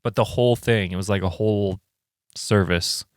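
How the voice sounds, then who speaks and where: Swearing, animated man telling band stories. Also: lowish voice, moderate pace, clear, resonant tone, dry recording, clean studio sound. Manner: animated storyteller who acts out quotes with lots of swearing. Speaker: band member and podcast co-host. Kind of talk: casual podcast chat.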